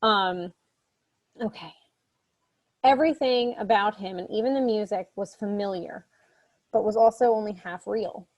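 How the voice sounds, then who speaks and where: A woman's voice: medium pitch, a little slow, pauses often, darkish tone, muffled recording. A woman in her thirties, a literature instructor, giving a recorded lecture on a short story. She talks in a casual, chatty way and makes frequent asides.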